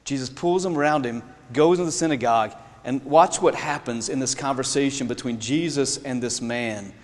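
A man preaching a sermon in an animated way, laughing often and acting out the people in his stories. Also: medium pitch, long reverb tail. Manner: animated, laughing, acts out voices in quotes.

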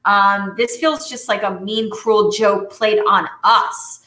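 A woman co-hosting a podcast in casual chat, animated and exasperated, talking with plenty of fillers. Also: medium pitch, slow, echoey room. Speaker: podcast co-host.

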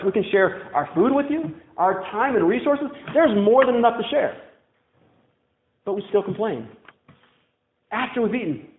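A young man from Louisiana preaching a sermon in a church, telling stories casually with wry asides. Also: high voice. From Louisiana, USA. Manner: conversational storytelling, wry asides. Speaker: pastor. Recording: tinny, echoey church recording.

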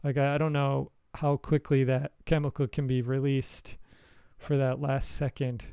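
A man's voice: mid-range voice, level tone, unhurried, gravelly, mellow, clean tone, no echo, studio quality. A man in his forties rambling through a casual podcast chat and laughing often while he tells stories. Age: 40s. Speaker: podcast co-host.

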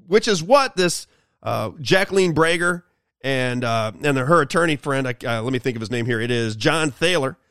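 A man's voice: high voice, fairly bright tone, no room sound, studio quality. A man hosting a political talk radio show, delivering an emphatic, repetitive monologue.

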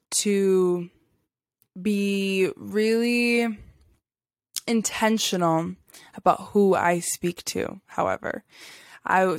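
A woman's voice: medium pitch, no echo, clean studio sound. A woman hosting a podcast, telling a spiritual story in a casual, rambling way, full of fillers and little laughs. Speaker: podcast host.

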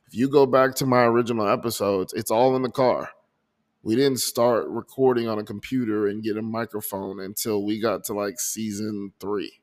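Into a desk microphone, a man hosting his own podcast reflects on his month in an earnest, emotional personal audio journal, with many restarts and repeated words. His voice is on the low side, fairly even in intonation, at normal speed.

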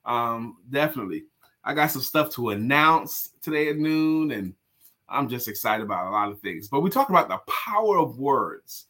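Man, talk-show co-host, bright forceful voice, chatty, playful, loose with fillers. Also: mid-range voice, lively intonation, moderate pace. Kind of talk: casual morning talk show.

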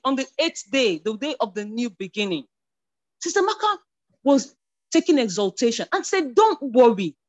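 A high-pitched woman, a church member, gives a spoken testimony at church. She stumbles over restarts at first, then builds to emotional, near-shouted declarations.

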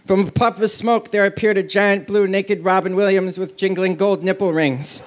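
High-voiced male comic, deadpan story reader. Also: moderate pace, a little hiss or hum. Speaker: comedian reading fan fiction. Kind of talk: comic reading to a live crowd.

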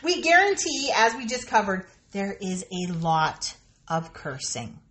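A woman's voice: fairly low pitch, animated, slow pace. A woman co-hosting a podcast, chatting candidly and swearing freely. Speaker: podcast co-host. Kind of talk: casual chat.

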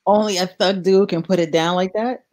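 A woman's voice: mid-range voice, fairly even intonation, normal speed, a little mellow. A woman guest in a casual chat, talking bluntly and skeptically.

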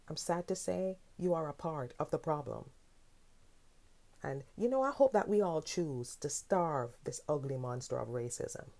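Woman doing her own podcast, low mellow voice, earnest and fired up. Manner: earnest, impassioned, rising to indignant questions. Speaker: podcast host. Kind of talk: solo podcast talk.

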